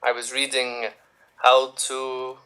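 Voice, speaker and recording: A man's voice: medium pitch, monotone, takes it slowly, sharp tone. A man playing a boastful, money-mad mustached character in a put-on Salvadoran accent, blustering and indignant in live improv.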